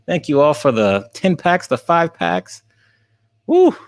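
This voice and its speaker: A man's voice: on the high side, wildly swooping pitch, slow pace. A man streaming live, laughing often and thanking viewers by name as he gets through the questions. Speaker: streamer and college teacher.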